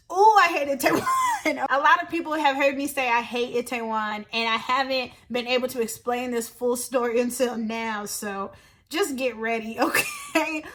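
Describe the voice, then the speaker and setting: A young woman in her twenties, telling an animated story to camera in a slangy, emphatic way and often laughing. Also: high-pitched. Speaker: vlogger.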